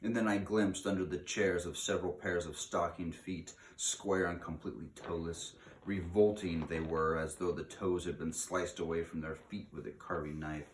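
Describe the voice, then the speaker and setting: A man reading a children's book aloud in an expressive way, slowing down for dramatic emphasis. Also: deep voice, a little hiss or hum. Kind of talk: read-aloud storytelling. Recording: echoey room.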